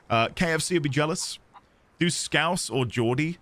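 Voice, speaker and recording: Man streaming a game, animated pitch, chatty, rambling, self-deprecating. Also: a little slow. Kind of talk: casual live-stream chat.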